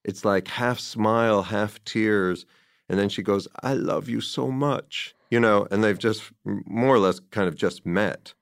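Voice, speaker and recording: A man with a low, smooth voice talks loosely and warmly about a movie he loves, circling back and quoting lines as he goes. The sound is close and dry, with no room around him. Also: fairly even intonation, measured pace, dry recording. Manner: rambling, enthusiastic, quotes dialogue in passing. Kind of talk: casual film discussion.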